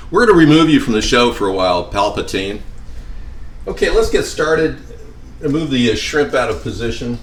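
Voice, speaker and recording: A man's voice: medium pitch, lively intonation, moderate pace, far from the mic, slight background noise. A man rambling and joking to viewers as he cooks in his home kitchen. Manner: rambling, jokey, talks to viewers while cooking. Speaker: home cooking vlogger. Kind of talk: rambling comedic cooking vlog. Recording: roomy, off-mic with faint ambience.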